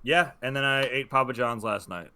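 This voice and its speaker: Male co-host, bright, tense tone; crude, teasing humor. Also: medium pitch, normal speed, a little hiss or hum. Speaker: podcast co-host. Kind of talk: casual chat.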